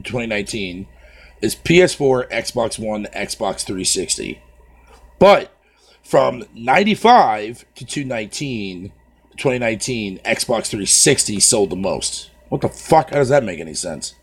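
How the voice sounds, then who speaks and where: A man's voice: mid-range voice, sing-song, a little slow, creaky, slightly rough. A man ranting profanely on a casual live stream, talking to his viewers by name and swearing constantly.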